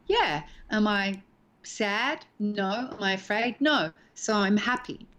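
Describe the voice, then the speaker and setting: Expressive older woman explaining acting. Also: medium pitch, slow. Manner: expressive, acts out lines as she explains. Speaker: actress and guest. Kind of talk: animated interview talk. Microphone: video call from home.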